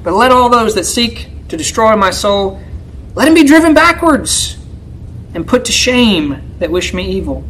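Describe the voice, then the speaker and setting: A man serving as a church elder preaches an expository sermon in a sing-song way, a little slowly. He's emphatic, keeps tossing "right?" to his audience, and shifts between pleading loudly and murmuring low asides. The audio is poor, with slight background noise.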